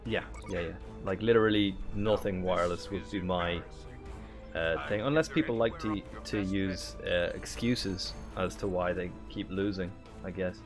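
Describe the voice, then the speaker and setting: A man streaming a game, chatting casually in a relaxed, halting way with many fillers. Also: low-pitched, over music. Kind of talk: casual gameplay chat.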